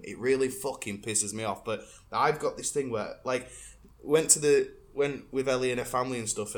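A man co-hosting a podcast in casual banter, animated and sweary, now and then breaking into sung tunes. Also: medium pitch. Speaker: podcast co-host.

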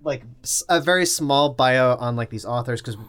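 A man's voice: mid-range voice, moderate pace, fairly bright tone. A man co-hosting a casual podcast chat, talking in a rambling way full of "like" and "uh". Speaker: podcast co-host.

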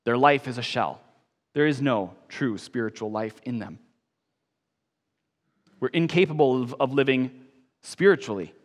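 A man preaching a sermon as pastor, emphatic, rising on key phrases and then dropping soft. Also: medium pitch, expressive, measured pace, pauses often, long reverb tail.

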